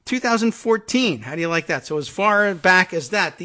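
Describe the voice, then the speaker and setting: Sardonic male talk-radio host reading articles aloud, fairly high-pitched, thinks out loud. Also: expressive, a little fast, hardly any pauses. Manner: sardonic, rambling, thinks aloud with many fillers. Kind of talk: casual political commentary, reading articles aloud.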